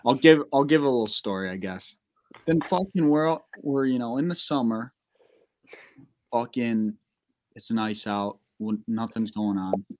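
A young man telling a long, profane, excitable story in a casual podcast chat. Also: mid-range voice, measured pace. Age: young adult.

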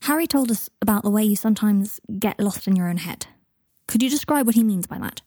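A woman reading a blunt, matter-of-fact wizard officer in an audiobook. The voice is husky and mellow. It is recorded close and dry. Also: mid-range voice, expressive, brisk, no room sound, close to an everyday voice. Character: plain-spoken male wizard auror.

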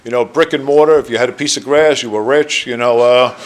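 A man in his sixties with a New Jersey accent tells his story to a room of listeners. He rambles earnestly and drops fillers as he goes. His pitch sits in a plain, middle range. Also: fairly even intonation, brisk, a little hiss or hum. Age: 60s. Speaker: recovery meeting speaker. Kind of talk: personal testimony talk. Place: meeting room.

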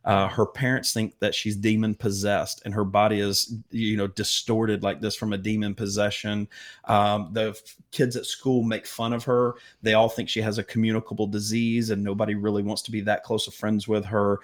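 A man telling a story as a guest in an interview, earnest and halting with fillers. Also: fairly low pitch, level tone. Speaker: medical missions guest.

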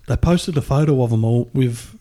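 A man's voice: mid-range voice, normal speed, warm tone. A man in casual chat, rambling through a story and laughing often. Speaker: podcast co-host.

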